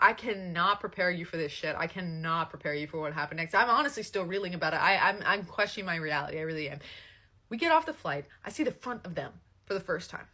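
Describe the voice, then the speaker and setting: A young woman telling a casual storytime, animated and swearing freely, full of fillers. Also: lowish voice.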